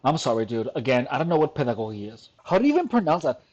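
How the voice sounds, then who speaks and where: This commentary vlogger reads an article aloud for a casual reaction from his home computer desk. He talks rapid-fire in a mid-range, darkish voice with big pitch swings, the highs are cut off, and he laughs a lot and stumbles on long words.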